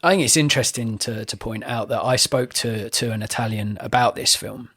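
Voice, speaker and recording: A man co-hosting a podcast, chatting casually about a film with wry, measured sarcasm. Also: mid-range voice, pushed and bright, dry recording, studio quality. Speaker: podcast co-host. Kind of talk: casual film review chat.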